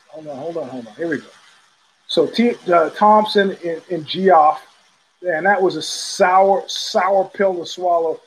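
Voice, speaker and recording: A sardonic male host holds forth in a loose, rambling monologue, blunt and quick to mock. His voice sits fairly high for a man and has a husky, slightly rough edge. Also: low-quality recording. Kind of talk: casual solo commentary.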